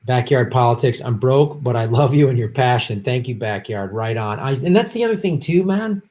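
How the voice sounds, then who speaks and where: Animated and medium-pitched at a normal speed, this political commentary streamer reads donations from viewers and launches into profane rants that shift from muttering to shouting.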